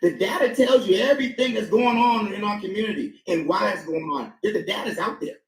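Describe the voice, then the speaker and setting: A man's voice: high-pitched, fairly quick, echoey room, low-quality recording. A man speaking as a guest in a casual panel discussion, hammering his points home and repeating key words for emphasis.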